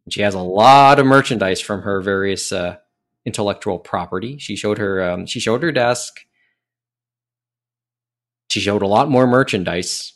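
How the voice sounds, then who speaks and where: A man hosting a casual podcast chat, rambling with many fillers and restarts. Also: lowish voice. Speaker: podcast host.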